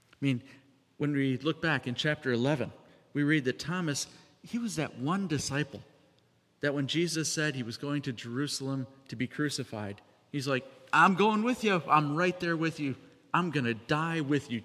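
A man's voice: medium pitch, a bit bright. A man preaching a sermon in a conversational way, sometimes acting out the voices of people he quotes. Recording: reverberant hall.

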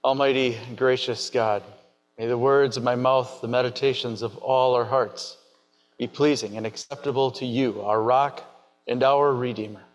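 A man preaching a sermon in a measured, reflective way, asking many rhetorical questions. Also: mid-range voice, steady tone, highs cut off. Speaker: pastor.

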